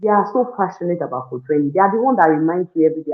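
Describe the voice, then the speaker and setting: A woman with a Nigerian accent giving an animated testimonial, acting out her own scolding and prayers and laughing often. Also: fairly low pitch, rapid-fire. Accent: Nigerian English. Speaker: parenting program participant. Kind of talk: testimonial interview. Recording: echoey room on a tinny phone-like line.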